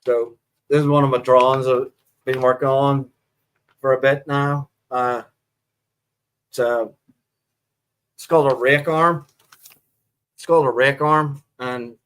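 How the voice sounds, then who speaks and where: A middle-aged man with a Northern Irish accent, hosting a live stream and chatting casually with viewers in a relaxed, rambling way. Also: medium pitch, measured pace, pauses often, smooth. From Northern Ireland. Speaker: livestream host.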